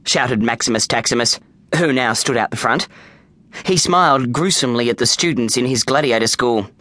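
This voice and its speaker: A man with an Australian accent narrating a children's storybook in a lively, playful way on a close studio mic. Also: medium pitch, moderate pace, no room sound. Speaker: audiobook narrator.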